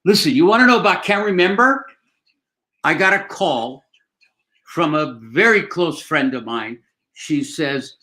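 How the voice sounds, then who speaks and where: A man's voice: on the high side, lively intonation, a little slow, sharp tone. An older man, an actor, chatting casually and telling rambling, joking stories. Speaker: actor guest. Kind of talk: casual live chat.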